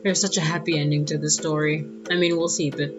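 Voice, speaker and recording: Sassy low-voiced woman telling a story. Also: steady tone, fast talker. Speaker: vlogger. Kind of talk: casual storytime monologue. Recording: dull lo-fi audio with guitar music.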